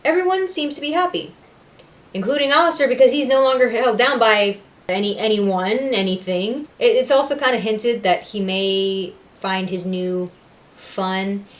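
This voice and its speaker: A young woman from Puerto Rico hosts a reaction video, recapping a show in a casual, chatty way. She talks with emotion and fills her speech with likes and ums. Her pitch sits at a middling level. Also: moderate pace. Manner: chatty, emotional, full of fillers.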